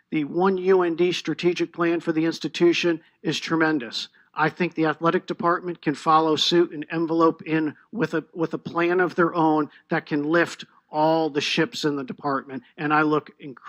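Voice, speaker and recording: Bright-voiced man giving an earnest speech. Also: fairly high pitch. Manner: earnest, with restarts and emphatic repetition. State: emotional, voice catching. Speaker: new athletic director. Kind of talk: introductory press conference speech.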